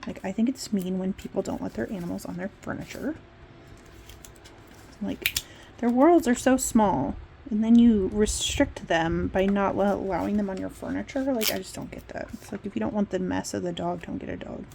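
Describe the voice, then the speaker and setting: Woman, planner vlog, chatty and rambling, gravelly fry, mid pitch, faint hiss. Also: normal speed, a little mellow. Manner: rambling, candid, mildly profane. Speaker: planner vlogger. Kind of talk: casual chat while decorating a planner. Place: at home.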